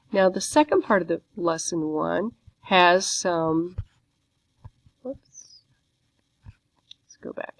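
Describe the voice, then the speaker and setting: A woman's voice: lowish voice, darkish tone, no room sound, rough recording. A woman teaching a beginner Chinese lesson, walking through a textbook page by page in a patient, explanatory way.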